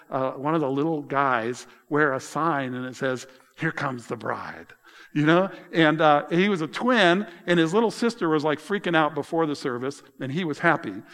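A man's voice: fairly high pitch, fairly bright tone, in a large hall. A middle-aged man preaching a sermon as a pastor, talking in a loose, conversational way with folksy asides and quotes he acts out.

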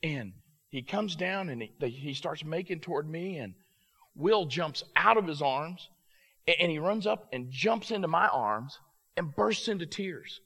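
A man preaching in an animated, storytelling way, often doubling back on his words. His voice sits fairly high for a man. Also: unhurried, vocal fry, breathy edge. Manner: animated storyteller with repeated restarts. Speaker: youth ministry speaker. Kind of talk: storytelling sermon.

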